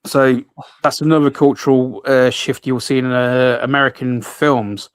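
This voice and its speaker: A man's voice: mid-range voice, steady tone, normal speed, smooth, no room sound. A man hosting a casual radio chat, rambling with many restarts and fillers. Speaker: host.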